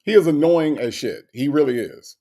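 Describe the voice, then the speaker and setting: A man with a slightly high voice rants in loose, profane commentary. He is blunt and animated, nitpicking every phrase and stretching his points out. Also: moderate pace. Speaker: host reacting to a radio clip.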